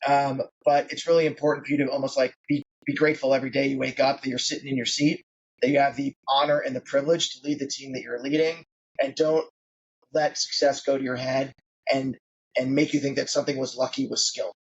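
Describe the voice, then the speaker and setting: A man's voice: medium pitch, flat delivery, a little fast, slightly rough, highs cut off. A man in his late forties, a founder being interviewed on a podcast, talking conversationally with many fillers. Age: 40s. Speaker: guest founder.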